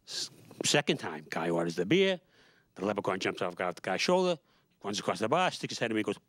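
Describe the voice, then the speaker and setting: A man hosting a show, telling comic stories and jokes in an animated, exasperated way. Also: lowish voice, fast talker. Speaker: host. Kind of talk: comic storytelling.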